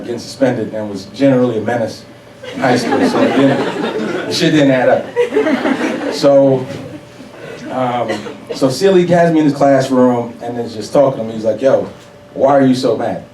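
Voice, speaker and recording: A man's voice: medium pitch, normal speed, heavy background noise. Young man from New York telling a profane story live, miked from a distance in an echoey hall. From New York City. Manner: profane, animated, laughing audience reactions. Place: stage before a live audience. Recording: roomy hall, mic at a distance. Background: audience laughter.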